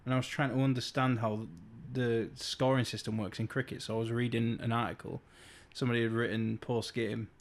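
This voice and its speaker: Yorkshire guy on a podcast, young, gravelly voice, laid-back jokey chat. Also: mid-range voice, little pitch movement, a little fast, hardly any pauses. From Yorkshire, England. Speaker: podcast co-host. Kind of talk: casual chat.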